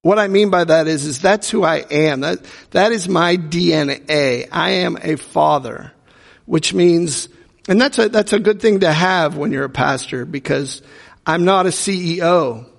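A man delivers a sermon as a pastor, telling funny stories and acting out the voices in them. His voice sits a little high with a gravelly edge. He is recorded in a church sanctuary with a long reverb trailing his words. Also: unhurried. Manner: humorous storytelling, acts out quoted voices. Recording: long reverb from a large hall.

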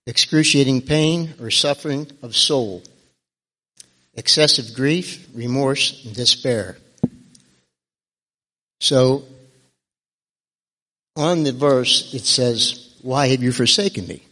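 A man's voice: mid-range voice, fairly bright tone, long reverb tail. A man giving a devotional talk at a church service, hesitant and earnest, with many fillers.

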